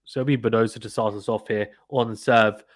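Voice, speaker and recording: A man's voice: lowish voice, fairly even intonation, fairly quick, no echo, studio quality. A man hosting a casual live tennis watchalong, chatting with viewers and often repeating himself. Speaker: live stream commentator. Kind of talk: casual play-by-play watchalong chat.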